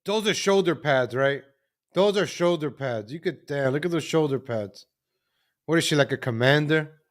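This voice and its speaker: A man's voice: fairly high pitch, expressive, normal speed. A man hosting a live political commentary show, mocking what he watches in a sarcastic running commentary. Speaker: host.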